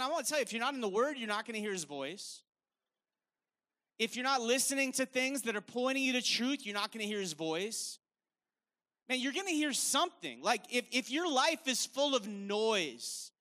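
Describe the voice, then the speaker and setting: Man, preacher, very high pitch, energetic sermon, conversational, repeats phrases. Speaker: evangelist preacher.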